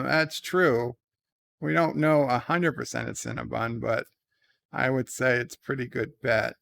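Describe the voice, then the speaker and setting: A man's voice: medium pitch, sing-song, unhurried, vocal fry, pauses often, a bit bright. A man hosting a casual livestream, reading advice letters and chat in a rambling, hesitant, self-deprecating way. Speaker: streamer host.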